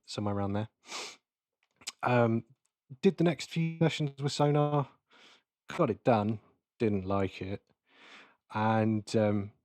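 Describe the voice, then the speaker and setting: A man giving a relaxed, chatty keynote to a live audience in a lecture hall, full of ums and asides. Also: fairly low pitch. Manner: chatty and informal, with frequent fillers. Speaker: keynote speaker. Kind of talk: casual conference keynote.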